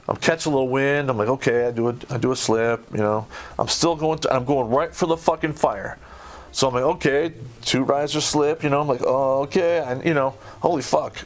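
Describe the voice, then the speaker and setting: A middle-aged man, host of a podcast, telling a rough, profane story from his army days in a blunt, swearing manner that gets animated when he acts out scenes. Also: mid-range voice.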